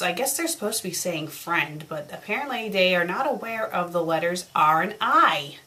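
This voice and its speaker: A woman's voice: mid-range voice, fairly bright tone. A young woman reading a story aloud and mocking its errors with exasperated sarcasm. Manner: exasperated, sarcastic, rants at mistakes. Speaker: fanfic reviewer. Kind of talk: comedic review reading.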